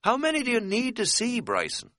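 A cheerfully self-assured middle-aged hiking buddy, voiced by a man reading an audiobook talks with blunt, earnest bluster. His voice is bright and swings freely up and down. The sound is close and dry. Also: very high-pitched, wildly swooping pitch, brisk, no room sound, voice pushed up, heavily acted. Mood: breezy. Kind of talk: audiobook character dialogue.

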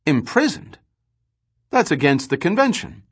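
A man voicing a curious, blunt young male space trader who fires off quick, surprised questions. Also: mid-range voice, huge pitch swings, fairly bright tone, breathy edge, pitched above the performer's own voice, heavily acted.

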